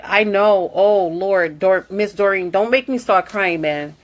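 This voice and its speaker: A medium-pitched woman talks unhurriedly yet with hardly any pauses. She's a livestream host in a casual video, chatting, reading out viewer comments with warm greetings, and coaching her daughter with a motherly touch.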